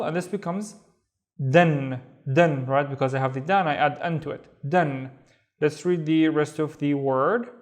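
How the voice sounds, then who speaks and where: A man with a Saudi accent teaching a beginner Arabic reading lesson, patiently sounding out and repeating words. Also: a little high. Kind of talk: step-by-step language lesson.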